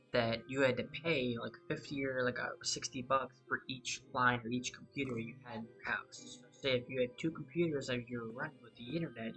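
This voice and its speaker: A man's voice: mid-range voice, vocal fry, a bit bright. A man hosting a gaming channel, chatting casually and rambling through a story over his gameplay, losing his thread and swearing freely.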